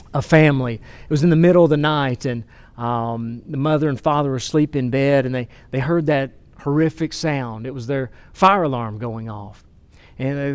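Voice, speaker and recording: Male pastor, earnest sermon storytelling, slightly high voice, dry sound. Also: a little mellow, clear, resonant tone, no room sound. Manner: earnest storytelling with repeated words.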